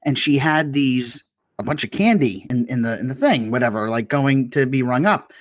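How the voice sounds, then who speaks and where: A man's voice: medium pitch, normal speed, dry recording, clean studio sound. A man co-hosting a casual comedy podcast, telling stories as rants and swearing freely. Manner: ranting storyteller, swears freely. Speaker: podcast co-host.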